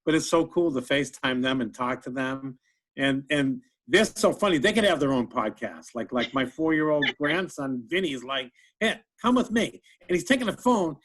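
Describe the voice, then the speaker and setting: A man's voice: mid-range voice, animated, normal speed, a bit bright. A middle-aged man, a comedian, chatting casually in an interview, telling funny stories and laughing often, repeating words as he goes. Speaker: comedian guest.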